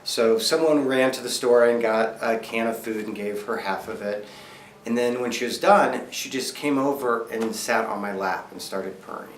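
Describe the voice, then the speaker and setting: A man telling a relaxed story in a documentary interview, with a few fillers. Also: mid-range voice, slight background noise. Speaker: interviewee, cat owner. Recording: echoey room.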